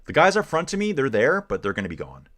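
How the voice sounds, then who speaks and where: A man's voice: mid-range voice, wildly swooping pitch, quick pace, a bit bright. A middle-aged man from Canada giving casual live race commentary while chatting with viewers, calling them dude and guys. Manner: laid-back, calls viewers dude and guys. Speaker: streamer and cycling commentator.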